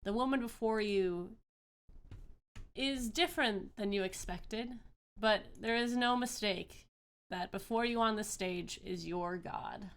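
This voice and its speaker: A woman's voice: medium pitch, a little slow. A woman narrating a tabletop fantasy game as game master, describing scenes with frequent fillers.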